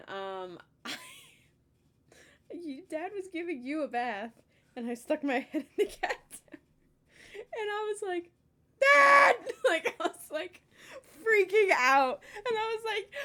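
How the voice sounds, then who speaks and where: A young woman co-hosting a casual podcast, telling childhood stories with lots of laughter and acted-out quotes. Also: very high-pitched. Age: young adult. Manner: animated storyteller, acts out quotes, laughs often. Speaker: podcast co-host. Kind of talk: casual chat.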